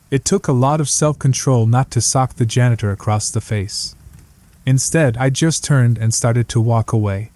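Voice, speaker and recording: A man's voice: mid-range voice, normal speed, dark tone, dry recording. Gritty man narrating a horror tale. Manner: gritty, hard-boiled detective telling. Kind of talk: first-person horror story narration.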